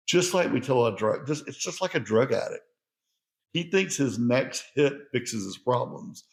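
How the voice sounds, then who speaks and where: A man's voice: mid-range voice, vocal fry. A middle-aged man hosting a podcast, talking in an earnest, heartfelt monologue. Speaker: podcast host.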